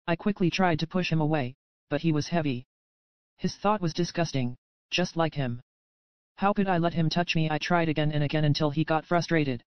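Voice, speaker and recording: A woman narrating a dark romance audiobook in the first person with a steady, even reading. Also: low-pitched, normal speed, smooth, no room sound, dull audio.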